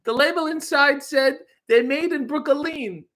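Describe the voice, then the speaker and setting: A man putting on a high, sing-song movie-star impression while singing a novelty song. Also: a little slow, fairly bright tone. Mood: crooning. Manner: sing-song, bouncy, lots of la-las.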